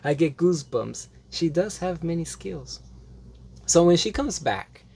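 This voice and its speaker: Male reviewer, casual and rambling, full of fillers and restarts, bursts into dramatic excitement. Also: on the high side, unhurried, creaky, slightly rough. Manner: gets animated and dramatic when excited. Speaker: TV show reviewer.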